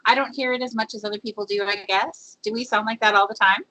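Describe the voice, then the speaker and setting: A woman's voice: medium pitch, fairly even intonation, quick pace, bright, forceful tone, low-quality recording. A woman with an Upper Midwest accent hosting a casual radio talk show, chatty and upbeat, with plenty of filler words. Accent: Upper Midwest American. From Fargo, North Dakota area.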